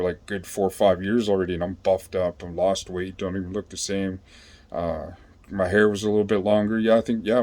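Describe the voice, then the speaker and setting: Man, lowish voice, loose storytelling, lots of restarts and cursing. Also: darkish tone. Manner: rambling, profane, full of fillers and restarts. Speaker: vlogger telling his own story. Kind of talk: casual storytelling.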